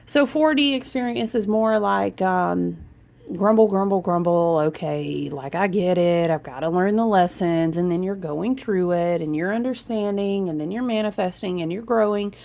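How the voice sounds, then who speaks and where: A woman's voice: on the low side, normal speed, vocal fry, hardly any pauses. A woman giving a casual spiritual reading in a chatty, rambling manner, often cutting herself off mid-thought. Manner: chatty, animated, breaks into humming and hushing; rambling, self-interrupting, says y'all. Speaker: spiritual reader.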